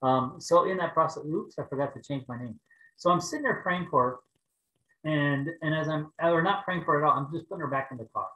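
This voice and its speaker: A man preaching over a video call, telling a personal story in an animated way and raising his voice for the prayers. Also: a little high, fairly quick, echoey room, poor audio. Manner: animated storytelling, rising to loud exclaims when acting out prayers. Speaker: pastor.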